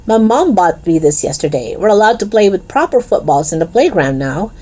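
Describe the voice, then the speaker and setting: A woman's voice: mid-range voice, big pitch swings, fairly quick, dark tone. A woman voicing an eager, friendly young schoolboy with an upbeat way of talking.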